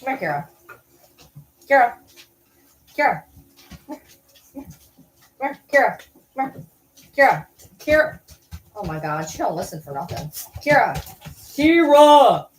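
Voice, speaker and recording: Woman livestreaming from home, mid-pitched voice, all playful baby talk at her dogs, quick to laugh. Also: sing-song. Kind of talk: casual livestream chat.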